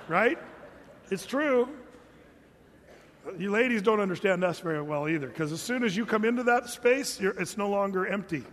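A man's voice: high-pitched, animated, moderate pace, a bit bright, slight background noise. A man preaching a sermon in a humorous, conversational way, with joking asides to the congregation. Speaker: pastor. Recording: long hall reverb.

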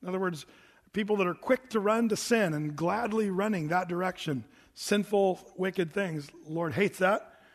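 A man's voice: high voice, moderate pace. A man preaching a sermon in a conversational, emphatic way, posing rhetorical questions to the congregation in a church sanctuary. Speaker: pastor. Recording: long reverb of a hall.

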